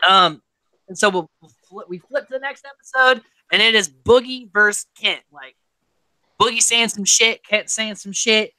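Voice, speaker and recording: A woman's voice: medium pitch, normal speed, sharp tone, dry recording, poor audio. A woman hosting a casual podcast recap, talking animatedly and swearing casually. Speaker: podcast host. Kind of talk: casual reality-show recap chat.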